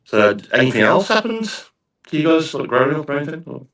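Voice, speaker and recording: A man's voice: a little high, very animated, fast, a bit bright, echoey room, recorded from a distance. A man with a Black Country accent hosting a podcast, chatting casually and thinking aloud in rambling, restarting sentences. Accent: Black Country English. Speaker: podcast host. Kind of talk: casual interview chat.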